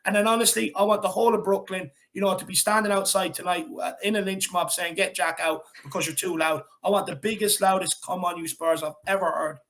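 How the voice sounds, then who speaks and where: A man's voice: high voice, steady tone, brisk, few pauses, fairly bright tone. A man hosting a fan call-in show, hyped, rambling and jokey. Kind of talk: casual chat.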